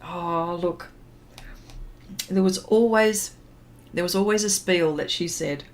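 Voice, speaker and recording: A middle-aged woman with a lowish, slow voice hosts an art livestream, with slight background noise behind her. Drawing and reading comments, she chats and reminisces in a rambling way, full of fillers and laughs.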